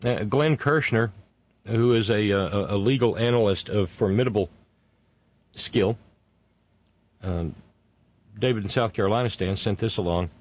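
A man hosting a political commentary monologue, indignant, stretching key words slowly for emphasis. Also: lowish voice, darkish tone, no room sound. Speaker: host.

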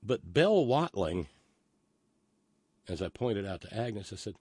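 A rambling, opinionated man speaking in a fairly low voice. He stammers and restarts often while holding forth in a casual monologue and reading out chat messages. The sound is dry and close, with no room around it. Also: big pitch swings, a little slow, pauses often, darkish tone, husky, no echo. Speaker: live stream host reading chat.

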